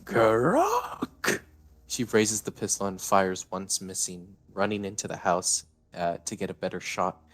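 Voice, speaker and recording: Deep-voiced male storyteller. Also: level tone, normal speed, few pauses, fairly bright tone, rough recording. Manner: plain narration with filler "uh". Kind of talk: live narrated story.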